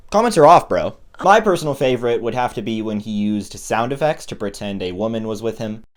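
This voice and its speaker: A man's voice: lowish voice, expressive, fairly quick. Sarcastic male commentary narrator. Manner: sarcastic, mocking. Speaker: commentary YouTuber.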